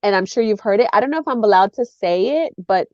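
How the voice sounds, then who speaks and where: A woman guest chatting casually, telling jokey, animated stories and acting out quotes. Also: mid-range voice, quick pace, dry recording, dull audio. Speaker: guest co-host. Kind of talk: casual chat.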